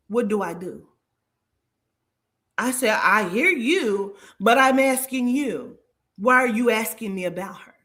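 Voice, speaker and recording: A woman tells a story in a loose, chatty way, cursing freely and jumping into the voices of everyone in it. Her voice sits a little high for a woman, and she keeps the telling lively and animated. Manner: animated, profane, acts out dialogue in shifting voices. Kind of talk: casual storytelling chat.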